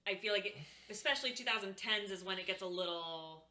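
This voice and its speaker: A woman in her thirties co-hosting a casual chat, telling animated stories with swearing and mocking impressions. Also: medium pitch, fast. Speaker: co-host.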